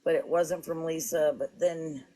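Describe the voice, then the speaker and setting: A woman's voice: sits low, fairly even intonation, a little slow, dark tone. A woman, chatting casually on a livestream from her home kitchen and talking in long, rambling stretches. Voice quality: rambling, fond of "it's like".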